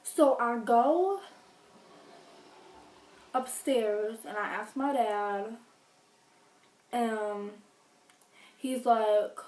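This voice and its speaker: A woman's voice: a little high, very slow, long pauses, darkish tone. A woman telling a casual storytime vlog at home, chatty with dramatic asides. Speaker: vlogger. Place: home indoors, furnace running. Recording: roomy, distant from mic, faint noise.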